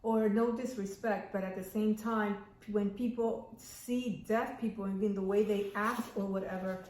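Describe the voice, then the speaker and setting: A woman's voice: mid-range voice, fairly even intonation, normal speed, a little mellow. Woman chiming in, echoey room. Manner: agreeing, supportive interjections. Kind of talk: casual talk-show discussion.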